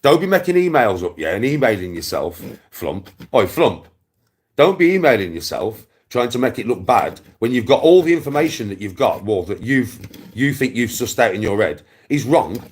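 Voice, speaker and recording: Man, husky voice, lively swooping pitch, mocking rant. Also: moderate pace. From West Midlands, England. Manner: mocking, taunting, repeats jibes, laughs often. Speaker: vlogger. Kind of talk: casual rant to camera.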